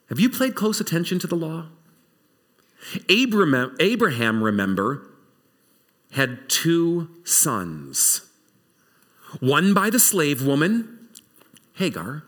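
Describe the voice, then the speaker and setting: A male pastor delivers a sermon as lively, conversational storytelling. His voice sits somewhat high and swings widely in pitch, dropping low for emphasis and climbing again.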